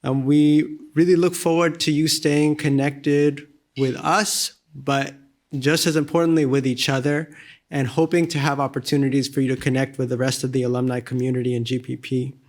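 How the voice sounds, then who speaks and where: A man's voice: mid-range voice, level tone, normal speed. A man hosting a graduation ceremony, thanking the speaker and giving closing announcements. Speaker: ceremony host.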